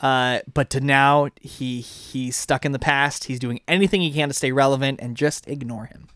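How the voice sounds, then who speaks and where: A man's voice: mid-range voice, steady tone, moderate pace, fairly bright tone, no room sound, studio quality. A man hosting a podcast in easygoing casual chat. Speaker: podcast host.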